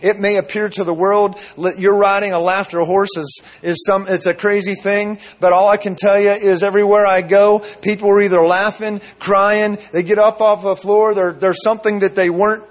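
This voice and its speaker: A man with a very high voice preaches in a level tone at a moderate pace, with few pauses. He tells his story loosely, returning to repeated phrases and addressing asides to the congregation.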